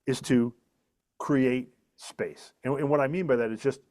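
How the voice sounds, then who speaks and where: This middle-aged man, an author and speaker, is being interviewed on a podcast and walks through a method with earnest, emphatic teaching, going back over his main points again and again. He speaks unhurriedly, with a medium pitch and a darkish tone.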